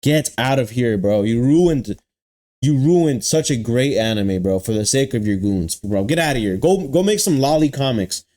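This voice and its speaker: A young man vents in a casual reaction rant, his voice leaping up and down in animated swings. His tone is dark and mellow. He keeps repeating himself and talks directly to his viewers. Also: mid-range voice, normal speed. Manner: exasperated ranting with heavy repetition and slang. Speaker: anime reaction channel host.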